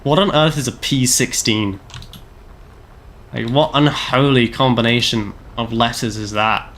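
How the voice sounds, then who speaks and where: A Canadian man in his twenties streams a game and chats casually, rambling along with self-deprecating jokes and plenty of "like" fillers. His mid-range voice is fairly even and fairly bright, at a measured pace, with a little hiss or hum on the recording.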